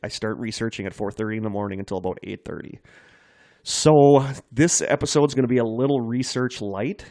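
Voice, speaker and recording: A man's voice: mid-range voice, brisk, a little mellow, no echo, clean studio sound. A man co-hosting a podcast in casual chat, rambling and self-deprecating as he tells stories. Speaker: podcast co-host.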